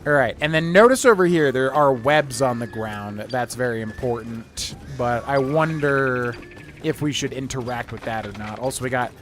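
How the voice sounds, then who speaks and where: A man talks casually while streaming a role-playing game and reads item descriptions and letters aloud. His voice sits at a middling pitch. Faint music plays underneath. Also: moderate pace. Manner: relaxed, chatty, reading in-game text aloud. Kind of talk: casual gameplay commentary.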